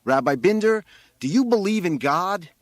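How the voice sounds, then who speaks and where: A man voicing a desperate thirteen-year-old boy on a rooftop, who shouts his commands high and loud. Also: big pitch swings, measured pace, dry recording, full character voice. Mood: shouting demands.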